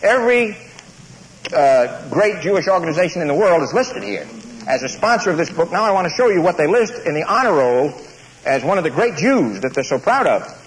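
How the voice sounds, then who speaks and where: Guy giving a fiery speech in an echoey hall, kinda high voice, slight hiss on the old tape. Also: very animated, a little fast. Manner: emphatic, declamatory, building to punchy slogans. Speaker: invited speaker at a campus lecture. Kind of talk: public speech followed by audience Q&A. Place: lecture hall before a live audience. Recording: roomy hall recording with faint hiss.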